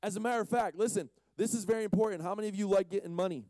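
A man delivers a conference sermon in a relaxed, playful style, poking fun at his audience between points. His voice sits a little high yet sounds mellow. The sound is close and dry. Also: rapid-fire, no echo. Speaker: youth conference speaker. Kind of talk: casual joking sermon.

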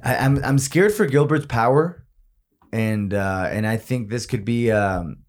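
Animated man co-hosting a podcast. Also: mid-range voice, a little slow. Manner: animated, swears a lot, mixes in Spanish words. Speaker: podcast co-host. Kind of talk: casual chat.

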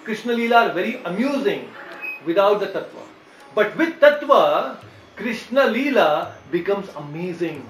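A man gives a devotional lecture in a fairly high voice. He explains patiently and keeps checking in with his listeners. The sound is roomy and echoey, with a faint hum of ambience behind him. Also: big pitch swings, normal speed. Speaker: preacher.

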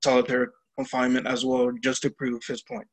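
Halting man correcting plot details. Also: mid-range voice, completely flat delivery. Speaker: podcast co-host. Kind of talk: casual chat recapping an anime.

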